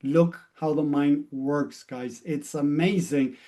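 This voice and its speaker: A man's voice: a little high, fairly even intonation, takes it slowly, dark tone. A man speaking as a mindset coach in an explanatory motivational talk, walking through what happens in his one-on-one sessions and retelling them as quoted dialogue.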